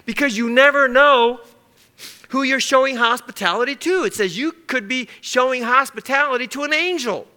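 A man's voice: very high-pitched, normal speed, bright, forceful tone. A male pastor giving a conversational sermon, now and then acting out short everyday scenes for his congregation. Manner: conversational, asks the congregation to circle words, acts out little scenes.

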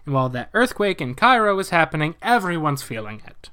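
A young man with a fairly high, smooth voice casually retells a movie plot. He's animated and profane, slipping into quick character voices as he goes.

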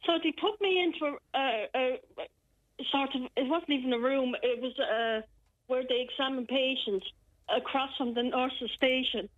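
Irish lady calling in, high voice, stops and restarts a lot, sounds shaken. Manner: halting, shaken retelling with many restarts. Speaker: caller. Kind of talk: phone-in personal account. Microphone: telephone. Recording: muffled telephone line.

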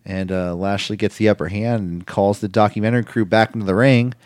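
A man's voice: on the low side, steady tone, fairly quick, darkish tone, no room sound, studio quality. A man co-hosting a casual chat, rambling with lots of fillers as he retells events. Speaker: podcast co-host.

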